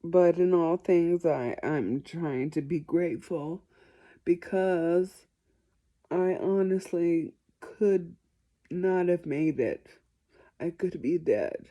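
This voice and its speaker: A woman's voice: lowish voice, slow, dull audio. A woman answering viewer questions in a casual vlog, chatty and self-deprecating.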